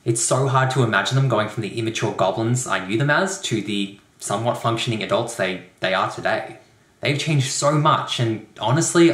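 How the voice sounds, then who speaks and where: Sarcastic young man ranting. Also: on the low side. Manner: sarcastic, deadpan asides. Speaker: YouTube host. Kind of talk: comedic rant commentary. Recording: roomy echo.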